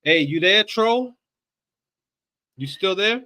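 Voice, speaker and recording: A man's voice: high-pitched, expressive, sharp tone. A man hosting a live stream, chatting casually and mockingly while he dials phone numbers. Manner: mocking, chatty, reads numbers aloud slowly. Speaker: streamer making prank calls.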